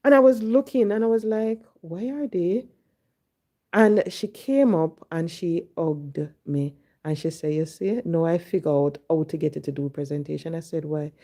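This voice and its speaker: A woman's voice: low-pitched, moderate pace, mellow. A woman from Jamaica with a Jamaican accent, telling a personal story and slipping into Patois when she quotes herself.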